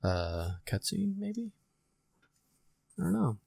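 Gravelly chatty man narrating gameplay. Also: a little high, huge pitch swings, slow pace, darkish tone, a little hiss or hum. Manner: chatty, unsure, talks to game creatures. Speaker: gaming commentator. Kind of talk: casual let's-play commentary.

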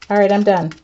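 A woman artist chatting to her live viewers as she works, excitable and self-mocking, laughing often. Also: mid-range voice, a little hiss or hum. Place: home art studio, indoors. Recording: dull lo-fi stream audio.

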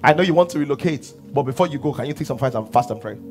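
A Nigerian man preaching a sermon as pastor. He asks his congregation questions and answers them, and he swings from hushed asides to shouting. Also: mid-range voice, expressive, fast talker, hardly any pauses, soft background music.

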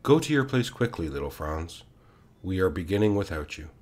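A man doing a grave, gentle old schoolteacher. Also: low voice, sing-song, moderate pace. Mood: kind. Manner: solemn and soft-spoken.

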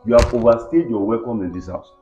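A man's voice: medium pitch, fast, dark tone, natural voice. A man acting a stern son who confronts his mother over her treatment of his wife. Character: angry grown son defending his wife. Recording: dull lo-fi sound with faint music.

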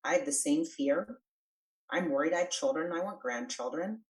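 A woman's voice: deep voice, lively intonation, normal speed, distant mic, low-quality recording. A middle-aged woman guest on a podcast, talking earnestly and emphatically about breath and stress. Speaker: podcast guest, energy worker. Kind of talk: conversational interview.

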